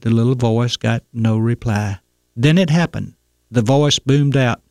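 A man hosting a radio commentary segment, telling a story in a measured, folksy way. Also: medium pitch, steady tone, darkish tone, no room sound, studio quality.

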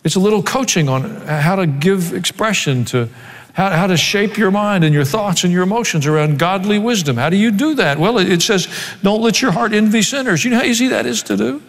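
A man preaching a sermon as pastor, reading scripture and adding dry joking asides in an animated way. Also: sits high, a little fast. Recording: long hall reverb.

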